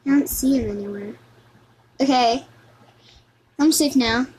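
Excitable high-voiced female game commentator. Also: a little slow, breathy edge, poor audio. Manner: excitable, exclamatory, sing-song repetition. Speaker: gaming video host. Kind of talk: live gameplay commentary.

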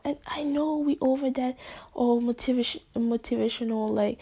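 A woman vlogger in a spontaneous, rambling monologue, using slang and sometimes dropping into soft whispers. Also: fairly high pitch, flat delivery, moderate pace, creaky, slightly rough.

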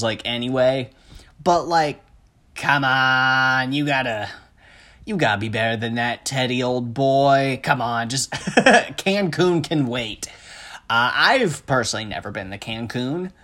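A man's voice: mid-range voice, bright, forceful tone. A young man hosting a podcast alone, rambling, joking at his own expense and swearing freely. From American Midwest. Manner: rambling, self-deprecating, profane, with frequent laughs and fillers. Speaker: podcast host. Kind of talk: casual solo podcast monologue.

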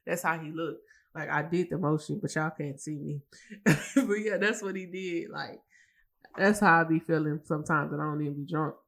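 Woman, podcast host, gravelly, tired, emotional, rambling, profane. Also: low-pitched, normal speed, fairly bright tone. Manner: rambling, profane, many restarts. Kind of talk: casual solo podcast rant.

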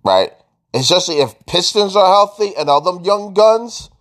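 A man ranting casually as a sports fan vlogger, frustrated, jumping between loud outbursts and low mutters. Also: animated, normal speed.

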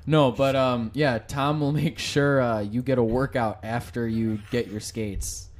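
A man co-hosting a relaxed podcast, talking in loose, rambling jokes full of swearing. His voice has an everyday middle pitch. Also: unhurried. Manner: joking, profane, rambling. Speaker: podcast co-host. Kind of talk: casual chat.

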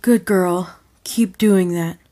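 A woman's voice: lowish voice, steady tone, slow pace, mellow. A woman voicing a dominant young man who speaks in curt commands. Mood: commanding.

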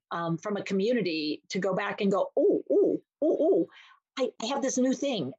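A woman's voice: lowish voice, husky, dry recording, dull audio. A woman explaining dementia care in a podcast interview, acting out small scenes and voices as she talks. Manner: animated, acts out little scenes with voices.

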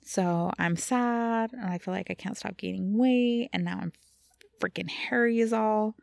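A woman co-hosting a casual podcast pours out her feelings in a raw, confessional way, swearing freely and laughing at herself. Her mid-pitched voice has a gravelly edge, and the close mic sounds dry and intimate. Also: measured pace, dry recording. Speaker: podcast co-host. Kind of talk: candid casual chat.

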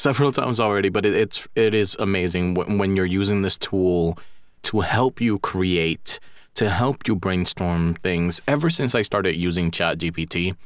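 A man's voice: low voice, no room sound, studio quality. A man co-hosting a podcast, talking enthusiastically in a rambling, casual way. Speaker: podcast co-host. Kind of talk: casual podcast chat about roleplay.

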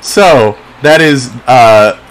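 A man co-hosting a casual gaming podcast, speaking at a middle pitch. He is easygoing and unhurried, pausing on fillers as he closes out the episode. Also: smooth. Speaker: podcast co-host. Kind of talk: casual chat and show wrap-up.

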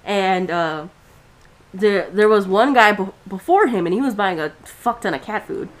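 A woman's voice: mid-range voice, animated, moderate pace. A young woman co-hosting a podcast, telling a story in casual chat with a blunt, profane, ranting manner. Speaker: podcast co-host.

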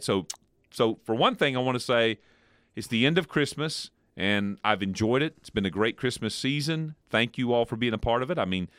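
A man hosting a podcast in casual chat, asking questions in a playful, animated way from a studio. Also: medium pitch, no room sound. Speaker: podcast host.

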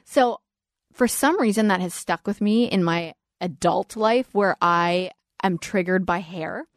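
A woman's voice: lowish voice, unhurried, no echo, clean studio sound. A woman from Canada hosting a podcast, chatting casually and telling stories that act out what others said. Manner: chatty storyteller, acts out quoted lines. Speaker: podcast host. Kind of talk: casual chat.

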